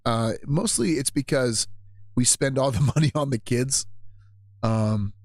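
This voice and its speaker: A man's voice: medium pitch, unhurried, dry recording. A man hosting a live radio show, rambling casually and jokily about faith and his marriage, often laughing at himself.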